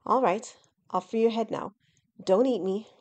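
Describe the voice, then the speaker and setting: A woman's voice: on the high side, a little slow, darkish tone. A woman voicing a nervous young male peasant farmer who frets and rambles. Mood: wary. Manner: anxious, rambling, fretful.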